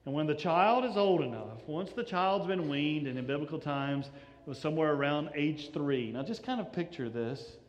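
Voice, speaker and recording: A man's voice: a little high, expressive, normal speed, big-room sound, highs cut off. A man preaching a sermon as pastor in a church sanctuary, conversational and often stumbling over repeated words.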